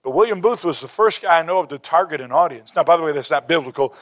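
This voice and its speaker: A man's voice: a little high, lively intonation, fast, fairly bright tone. A man preaching a sermon, telling stories and quoting scripture, with emphatic rises in his delivery. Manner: storytelling, rising to emphatic bursts.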